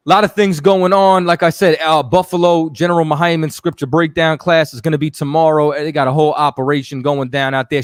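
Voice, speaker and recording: A man hosting a radio stream, chatting loosely and giving shout-outs to viewers. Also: fairly high pitch, dry recording, clean studio sound. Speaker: radio show host. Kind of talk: casual live-stream talk.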